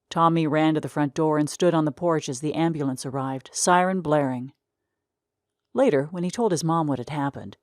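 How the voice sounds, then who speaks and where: Low-voiced woman reading a short story. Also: fairly even intonation, moderate pace, a little mellow, no room sound, studio quality. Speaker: reader. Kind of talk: scripted story narration.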